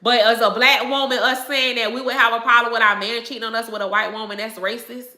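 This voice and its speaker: A woman, chatting on a livestream with a bright, forceful voice that sits a little high. She talks emphatically, circling back over the same phrases. The sound comes from an echoey room. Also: fairly even intonation, fast talker. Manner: emphatic, repeats phrases, laughs often. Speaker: livestream host answering viewers. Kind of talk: casual livestream chat.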